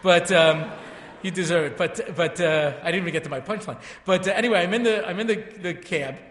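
A man's voice: sits high, brisk, a bit bright, slight background noise. A man around sixty, a rabbi telling jokey stories in a lecture to a live audience in a large hall, full of chatty asides and self-interruptions. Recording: echoey hall reverb.

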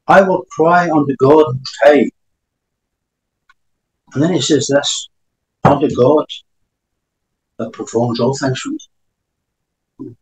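A man's voice: medium pitch, a little mellow, reverberant, low-quality recording. A man preaching a sermon, reading scripture aloud between emphatic remarks.

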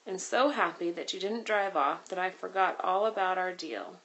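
A woman's voice: lowish voice, lively intonation, normal speed, a bit bright, poor audio. A woman reading aloud as a friendly middle-aged man driver who teases and jokes in a talkative way. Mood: teasing.

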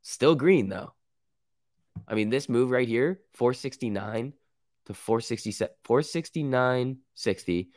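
A man's voice: mid-range voice, measured pace, darkish tone, no room sound, clean studio sound. A man with a sick voice hosting a live stock market stream, reading chat and reacting in casual slang. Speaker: stock market livestream host.

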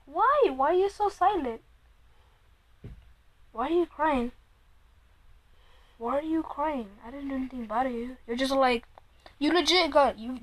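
High-voiced excitable woman narrating a game. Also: rough recording. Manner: excitable, swears a lot, teases the other player. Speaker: player and commentator. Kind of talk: casual gameplay commentary. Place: room at home, Android phone game.

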